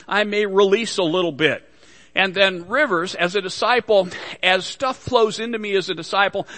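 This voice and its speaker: Man, pastor, sermon; high bright voice, earnest teaching in a long-reverb church hall. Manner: earnest, repetitive teaching with restarts.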